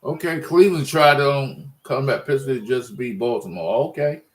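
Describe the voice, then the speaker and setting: Casting: man, mid pitch, fed-up fan ranting, rambling with restarts. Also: moderate pace, poor audio. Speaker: sports fan vlogger. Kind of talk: casual ranting monologue.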